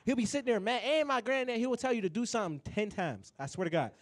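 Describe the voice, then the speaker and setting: A young man works through a stand-up set, swearing freely and talking straight to the audience. His voice sits high and swings up and down, and the sound is dry and close. He keeps an animated, loose delivery. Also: fast talker, hardly any pauses, no echo. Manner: animated, profane, addresses the crowd directly. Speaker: stand-up comedian. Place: comedy show stage.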